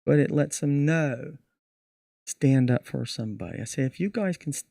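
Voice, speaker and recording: Gravelly middle-aged guy, darkish voice, acting out his magic show story, dry sound. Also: a little high, animated, normal speed, mellow, no room sound. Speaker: magician guest. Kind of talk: casual podcast interview.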